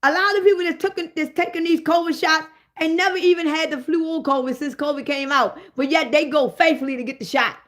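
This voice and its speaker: A woman, hosting a livestream and ranting in a loud, profane, animated way. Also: high voice, a little fast, hardly any pauses. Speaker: livestream host.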